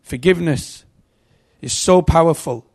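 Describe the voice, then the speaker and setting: Gravelly man preaching. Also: on the high side, a little slow. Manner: emotional, storytelling, swings from hushed to loud. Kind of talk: sermon testimony.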